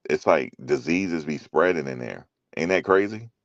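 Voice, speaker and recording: A man's voice: rumbling low, animated, moderate pace, no room sound, muffled recording. A middle-aged man talking loosely and casually as a commentary host, rambling through stories with slang and profanity.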